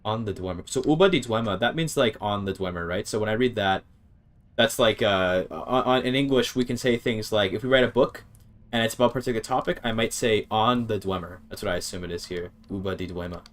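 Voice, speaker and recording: A man streaming gameplay in casual chatter, thinking aloud, sounding out words haltingly and swearing now and then. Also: lowish voice, fairly bright tone.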